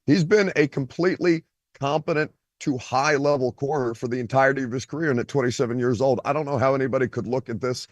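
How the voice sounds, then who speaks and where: A man's voice: mid-range voice, quick pace, no room sound. A man hosting a sports radio show, calling in over a video call from a beach on vacation, teasing and mock-indignant. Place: outdoors by a beach.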